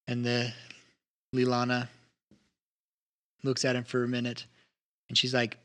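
Man, game master, tabletop game, relaxed rambling narration, slow, bright. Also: medium pitch.

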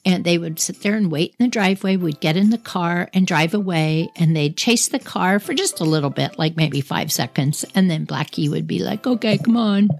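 A woman telling a childhood story in a chatty, animated, casual way. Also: lowish voice, normal speed, vocal fry, hardly any pauses.

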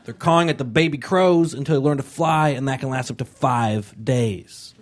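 A man performing a live stand-up set, telling a story with animated energy. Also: medium pitch, normal speed. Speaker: stand-up comic.

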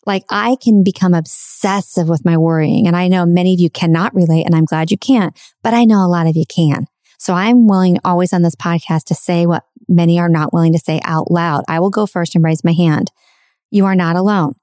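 A woman's voice: on the low side, steady tone, fairly quick, warm tone, dry recording, studio quality. A middle-aged woman hosting a podcast, giving an earnest, reflective spiritual self-help talk and repeating phrases for emphasis. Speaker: podcast host.

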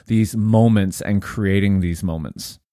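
A man's voice: lowish voice, a little slow, dark tone, no room sound, clean studio sound. A man hosting a podcast interview who asks questions and affirms his guest eagerly. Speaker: podcast host.

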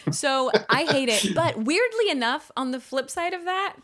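A woman's voice: sits high, expressive, moderate pace, fairly bright tone. A woman co-hosting a comedy podcast, telling a story in a chatty way, full of "like" and laughs. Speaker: podcast co-host.

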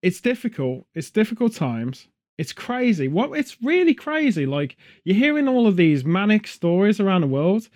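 A man hosts a loose podcast chat, rambling between stories and dropping jokey asides and puns. His voice sits a little higher than most men's. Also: sing-song, moderate pace, few pauses, darkish tone. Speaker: podcast host. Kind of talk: casual chat.

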